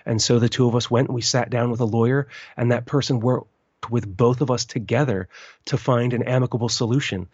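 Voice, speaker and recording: A man in his forties speaks in a husky, slightly breathy voice, reflective and earnest as he works through long sentences. The recording is dull and dry, with little treble or room sound. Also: medium pitch, a little mellow, no echo. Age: 40s. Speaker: interview guest. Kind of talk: casual interview chat.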